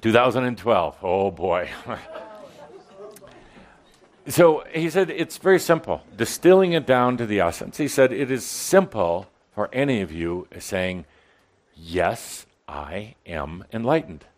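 A man speaking to a live audience in a channeled spiritual talk, playful and teasing, with dramatic pauses and swings between loud and soft delivery. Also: on the low side, sing-song.

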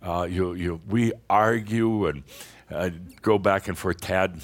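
A man with a very low, deep voice holds forth to a live group in a spiritual talk. His delivery is loose and rambling, full of chuckles and restarts, teasing his listeners as he goes. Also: takes it slowly. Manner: rambling, playful, chuckles often, many restarts. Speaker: spiritual teacher addressing an audience.

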